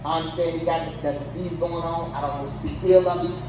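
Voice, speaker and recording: A woman hosting her own show in a heated, profane comedic rant, swinging between muttering and yelling in disbelief. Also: low-pitched, steady tone, quick pace. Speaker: show host. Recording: echoey, distant mic, noisy ambience.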